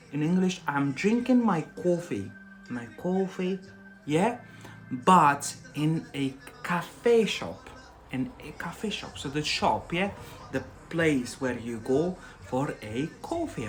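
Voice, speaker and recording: A man teaching a live online English vocabulary lesson, explaining step by step with many fillers and restarts and checking understanding with "yeah?". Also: mid-range voice.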